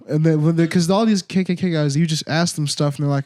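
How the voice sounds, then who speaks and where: A man with a noticeably high voice co-hosts a casual comedy podcast. He reacts to clips with jokes and quick mocking impressions, and his tone stays loose and conversational. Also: darkish tone. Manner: joking, slips into mocking put-on voices. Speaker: podcast co-host.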